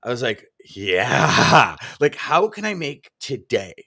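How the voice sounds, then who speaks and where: A man's voice: medium pitch, sing-song, normal speed, a bit bright. A man co-hosting a live sales show, reading viewer comments aloud and cheering them on with enthusiasm. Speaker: podcast co-host.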